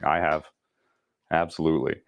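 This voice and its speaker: Fast-talking deep-voiced male sales trainer. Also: flat delivery, vocal fry, no room sound, highs cut off. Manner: talks fast, chatty and joking. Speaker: real estate sales trainer. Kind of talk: casual training session.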